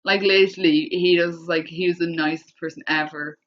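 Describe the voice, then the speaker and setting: Excitable woman, lo-fi stream. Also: fairly low pitch, brisk. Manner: breathless, repetitive, excitable retelling. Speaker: livestreamer. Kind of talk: rambling live-stream storytelling. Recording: dull lo-fi livestream audio.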